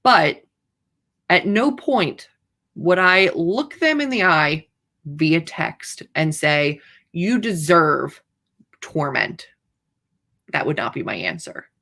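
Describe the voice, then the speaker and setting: A woman's voice: low voice, expressive, slow pace, fairly bright tone. A woman author hosting a livestream, chatting casually in a rambling, playfully dramatic way. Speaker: author hosting writing sprints.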